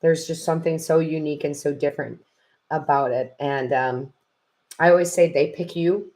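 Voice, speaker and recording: A woman's voice: deep voice, fairly even intonation, moderate pace, darkish tone. A woman tarot reader and medium reading cards on a live stream from her home, effusive and emotional, talking into her computer's built-in mic. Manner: emotional, effusive, tearful exclamations. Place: home room. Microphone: built-in computer camera mic.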